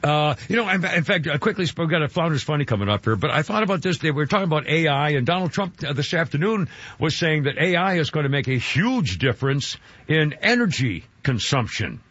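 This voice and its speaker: A man's voice: a little high, sing-song, a little fast, a bit bright, breathy edge, dry recording, dull audio. A man hosting a radio talk show, chatting in a rambling way and exclaiming often. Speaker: radio host.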